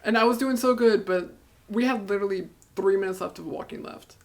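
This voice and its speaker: A man's voice: high-pitched, a little fast, vocal fry. A man co-hosting a podcast in casual chat, easygoing and dry, with light laughs. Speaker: podcast co-host.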